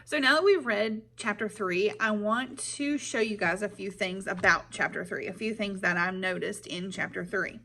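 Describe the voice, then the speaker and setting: A woman teacher reading a chapter aloud to her pupils, then explaining it in a clear, patient way and checking in with them often. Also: medium pitch, normal speed, hardly any pauses, sharp tone, slight background noise.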